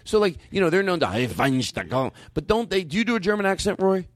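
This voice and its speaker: A man's voice: high voice, rapid-fire, no echo. A man hosting a comedy show in a studio, bossing people around with mock authority, shushing and laughing between lines. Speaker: podcast host. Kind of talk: comedic banter.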